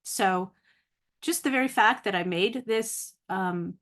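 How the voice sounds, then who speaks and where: A woman's voice: mid-range voice, takes it slowly, fairly bright tone. Woman teaching vocabulary, thinking aloud. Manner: thinking aloud, self-correcting, laughs at own slips; careful, spelled-out pronunciation of long words. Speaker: language teacher. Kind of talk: casual video lesson.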